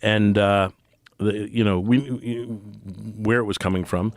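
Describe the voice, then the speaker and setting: A middle-aged American man with a very low, gravelly voice, talking in a casual podcast chat. He speaks earnestly and haltingly, restarting his sentences often. The sound is close and dry. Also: fairly even intonation, no room sound. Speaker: podcast guest. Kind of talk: casual conversation.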